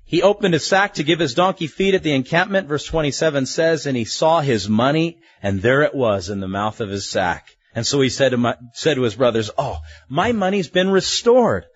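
A man preaching a sermon in a lively, conversational way, asking his listeners pointed questions. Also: medium pitch, a little fast, hardly any pauses, no room sound, muffled recording.

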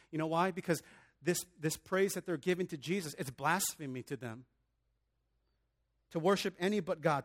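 A man preaching a sermon in an earnest, conversational way, often restarting his phrases and adding casual asides. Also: on the high side. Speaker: pastor.

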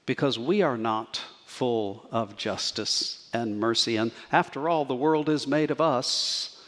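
A man preaching a sermon as pastor, measured and earnest, slowing down to stress key words. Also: mid-range voice, big-room sound. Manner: measured, earnest preaching with slow emphatic pauses.

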